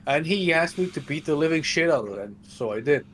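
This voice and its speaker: A man speaking casually as a player in a tabletop role-playing game, deadpan and nonchalant. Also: fairly high pitch, brisk, slight background noise. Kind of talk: casual in-character chat.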